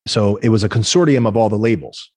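A man, a podcast guest and entrepreneur, telling stories quickly in a casual interview and acting out the people he quotes. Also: on the low side, husky, no room sound, studio quality. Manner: fast, animated storytelling, acting out quoted people.

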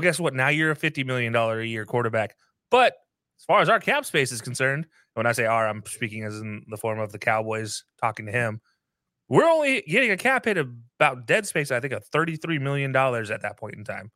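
Man, sports co-host, opinionated and emphatic, lively pitch, dry close sound. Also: dry recording. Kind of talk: casual sports talk.

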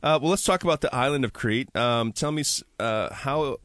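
A man's voice: mid-range voice, moderate pace, a bit bright, no echo, clean studio sound. A man hosting a radio talk show, asking curious questions with many hesitations. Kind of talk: radio interview.

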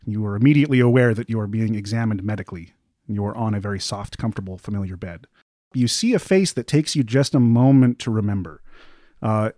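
Mellow-voiced man narrating a fantasy game. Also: lowish voice, no echo, clean studio sound. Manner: descriptive, measured narration. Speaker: game master.

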